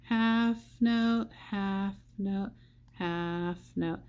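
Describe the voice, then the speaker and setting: A woman teaching a saxophone part, thinking aloud and counting rhythms out loud. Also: mid-range voice, fairly even intonation, extremely slow, smooth. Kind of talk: music lesson walkthrough.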